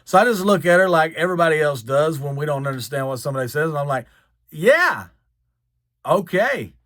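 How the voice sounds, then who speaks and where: A man from the American South with a long drawn-out Southern accent, telling a self-mocking story. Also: a little high, no room sound, clean studio sound. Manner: drawled, self-mocking, animated. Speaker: vlogger. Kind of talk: storytelling to camera.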